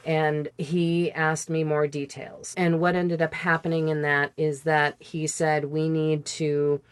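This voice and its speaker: A woman in her forties, a podcast guest, telling a personal story in conversation with candid, halting recollections. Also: sits low, level tone, smooth.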